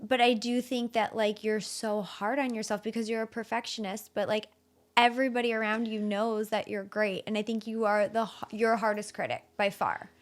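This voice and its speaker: A woman's voice: medium pitch, moderate pace. A woman in her thirties hosting a podcast, chatting casually with a friend and telling stories with quoted asides. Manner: gushing, animated storytelling with quoted asides. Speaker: podcast host. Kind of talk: casual chat.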